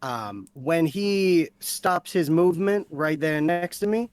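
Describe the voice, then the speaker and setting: A man playing a tabletop game, calmly explaining his character's move. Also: on the high side, takes it slowly, no echo. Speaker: player. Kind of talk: casual tabletop play.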